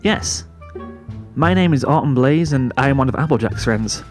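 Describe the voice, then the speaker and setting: A man's voice: medium pitch, animated, normal speed, faint music behind, close to an everyday voice. A man reading a fan story, voicing a cheerful, oddly formal female kirin. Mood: bubbly. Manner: bubbly, formal and rambling. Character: cheerful, odd-talking female kirin mare.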